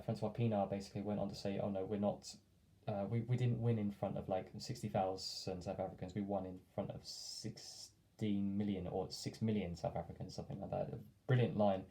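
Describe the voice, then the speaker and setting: Rambling man with a dark, mellow voice. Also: lowish voice, rough recording. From England. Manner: rambling, many fillers and hedges, friendly sign-off. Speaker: vlogger. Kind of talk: casual storytelling to camera.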